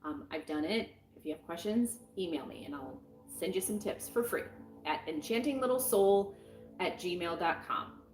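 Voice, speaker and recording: A woman's voice: on the low side, lively intonation, moderate pace. A middle-aged woman giving a casual weekly tarot reading in a frank, encouraging and rambling way, with plenty of fillers. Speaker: tarot reader. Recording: roomy with faint music behind.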